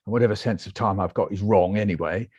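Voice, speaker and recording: A British man, a guest author, telling his story in a lively interview and acting out the voices he quotes. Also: lowish voice, quick pace, breathy edge, no echo, lo-fi sound. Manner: animated, acts out quoted voices.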